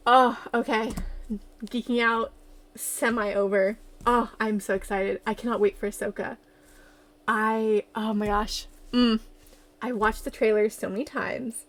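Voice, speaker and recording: A woman livestreamer in casual chat, excitable and giggly as she gushes like a fan. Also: fairly high pitch, slow pace, pauses often.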